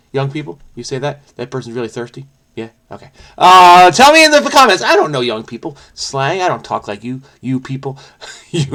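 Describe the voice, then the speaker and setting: A middle-aged man thinking aloud as he solves a crossword, animated and jokey, with sudden bursts of song and sound effects. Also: fairly high pitch. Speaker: host solving crosswords. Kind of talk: casual think-aloud commentary.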